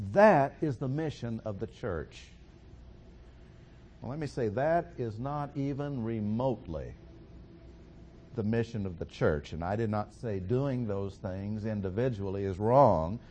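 A man teaching a sermon in a slow, deliberate, emphatic way with pauses. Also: on the high side, warm tone, slight background noise. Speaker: preacher.

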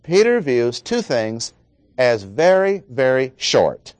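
A man preaching an expository sermon, working through verses and stressing key words with slow, dramatic pauses. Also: medium pitch, big pitch swings, no echo.

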